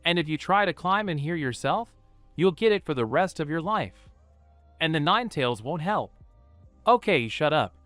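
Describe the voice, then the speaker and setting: A man voicing a bossy, sharp-tongued young kunoichi woman, curt and scornful. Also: a little high, expressive, normal speed, no room sound, faint music behind.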